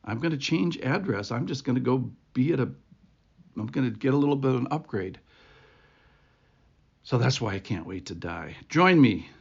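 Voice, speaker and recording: Gravelly man giving earnest devotional talk. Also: medium pitch, animated, moderate pace, long pauses. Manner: earnest, conversational, reflective. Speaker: devotional podcast host. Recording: dull lo-fi recording.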